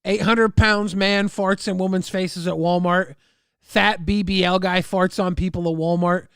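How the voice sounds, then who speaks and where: A man streaming live, chatting casually and reacting to videos with excitable, profane outbursts. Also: high-pitched, unhurried, clear, resonant tone, dry recording, clean studio sound.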